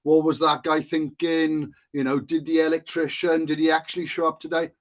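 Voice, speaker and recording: A man's voice: fairly high pitch, level tone, moderate pace, natural voice. Man putting on a grumbling Welsh building inspector. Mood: exasperated. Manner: exasperated running commentary.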